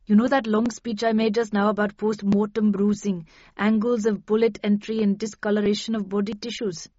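A woman's voice: medium pitch, flat delivery, fairly quick, mellow, no echo, lo-fi sound, lightly acted. A woman voicing an anxious, confiding woman pathologist in an audiobook.

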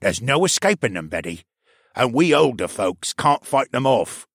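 A man voicing a gruff, spiteful older male pub owner who rants and growls at people. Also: medium pitch, sing-song, normal speed, a bit bright, no room sound, clean studio sound. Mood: scheming.

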